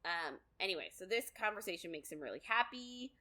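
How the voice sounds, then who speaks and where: A woman's voice: on the low side, big pitch swings, fairly quick, bright, forceful tone. A woman co-hosting a podcast, chatting casually through a book recap with lots of fillers and quoted asides. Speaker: podcast co-host.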